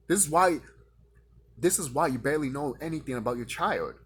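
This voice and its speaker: A man delivering a profane, confrontational rant straight at his audience, now and then mocking his critics in a higher voice. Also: expressive, brisk, slightly rough. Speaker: vlogger ranting to camera.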